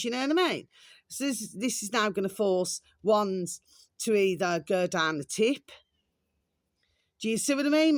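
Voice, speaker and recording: A woman's voice: mid-range voice, very animated, normal speed, no room sound. Ranting woman vlogger. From England. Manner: chatty, repetitive, ranting, calls viewers "my delicious little babies". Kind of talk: casual ranting monologue to camera.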